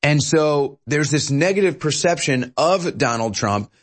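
Animated higher-pitched male commentator. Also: a little slow. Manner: mocking, puts on sneering voices. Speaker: host.

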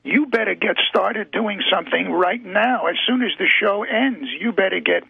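A male guest calling into a talk radio show, speaking in a halting, storytelling way with frequent restarts. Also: high voice, vocal fry, slightly rough. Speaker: call-in guest. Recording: tinny phone line.

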